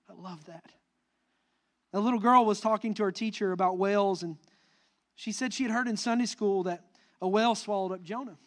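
A young adult man preaching a sermon as pastor, animated and building to emphatic, near-shouted peaks. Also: sits high, moderate pace.

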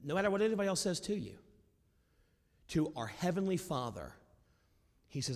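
A male pastor preaching a sermon, with a loud, carrying voice that swings from booming to hushed. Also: sing-song, fast, pauses often. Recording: long hall reverb.

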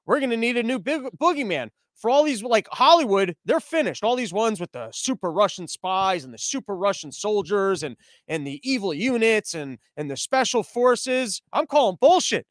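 A man hosting a casual podcast monologue, rambling, profane and animated. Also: high voice, normal speed, no echo. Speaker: podcast host.

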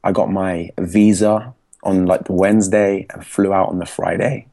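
A young English man with an English accent, a podcast guest telling his story in an animated way, laughing often and acting out what others said. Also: sits low, moderate pace, vocal fry. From England. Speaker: podcast guest, speaking coach. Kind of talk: casual storytelling.

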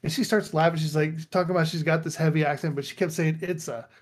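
A man's voice: on the high side, fairly even intonation, quick pace. A man co-hosting a gaming podcast, chatting casually and animatedly telling stories with quoted voices. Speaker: podcast co-host. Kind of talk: casual chat.

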